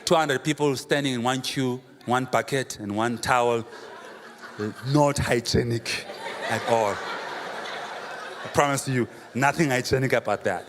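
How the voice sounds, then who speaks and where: A man, a pastor preaching a sermon with humorous, animated storytelling and rhetorical questions. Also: medium pitch, unhurried. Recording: reverberant hall, faint room noise.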